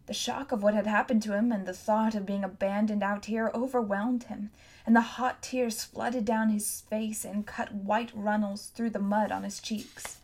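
A woman's voice: mid-range voice, level tone, normal speed, a little mellow. Woman narrating a novel audiobook.

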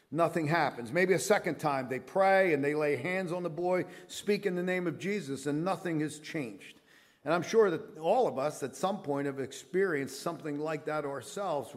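A middle-aged male pastor preaching a sermon in an earnest, conversational way, with frequent fillers and restarts. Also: fairly high pitch.

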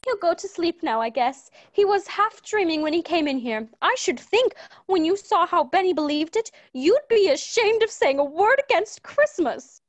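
A woman's voice: very high voice, big pitch swings, normal speed, no echo. A woman voicing a fussy, doting wife and mother who talks in a gushing, coaxing way, as in a radio play. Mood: chiding. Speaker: Mrs. Fountain.

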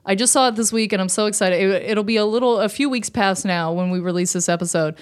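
A woman, co-hosting a podcast and telling lively stories in casual chat, often breaking into laughter. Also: mid-range voice, fast. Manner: animated storytelling, frequent laughter. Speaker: podcast co-host.

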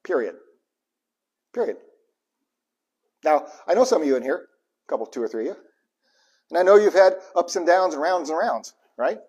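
Husky-voiced man preaching with loud bursts. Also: a little high, expressive, moderate pace, long pauses. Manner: impassioned preaching, swings from hushed to loud bursts; chuckles between points, repeats lines for emphasis. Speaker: pastor. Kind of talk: live sermon.

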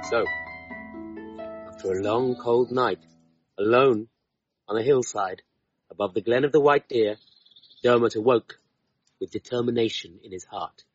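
A man telling a folk tale in an expressive, dramatic way, slowing down for emphasis. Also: mid-range voice. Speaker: storyteller. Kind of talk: oral storytelling of a folk tale. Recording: dull, slightly distant, harp music behind. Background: soft harp music.

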